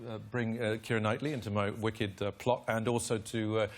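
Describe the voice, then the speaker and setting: A man's voice: lowish voice, little pitch movement, fairly quick. A man in his fifties, a film director guest on a chat show, self-deprecating and full of hesitant fillers. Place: TV studio with live audience.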